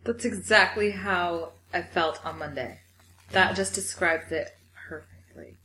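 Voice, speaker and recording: A woman's voice: on the low side, a little slow, pushed and bright. A woman co-hosting a podcast, talking frankly and sympathetically about anxiety. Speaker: podcast co-host. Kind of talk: candid podcast chat. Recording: echoey room with faint hiss.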